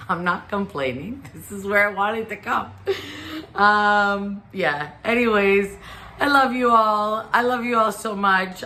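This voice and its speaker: A woman chatting to camera in her home kitchen, talking about organizing in a rambling, earnest way and urging her viewers on. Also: mid-range voice. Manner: rambling, earnest, stops and restarts; chatty and warm toward viewers, drops into exhortation. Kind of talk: casual chat to camera.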